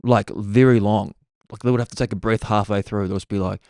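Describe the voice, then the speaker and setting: A young man with a New Zealand accent, hosting a podcast and telling stories in an excitable, casual way. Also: lowish voice, a little fast, no room sound, studio quality. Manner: excitable, says "bro" constantly. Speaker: podcast host. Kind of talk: casual storytelling chat.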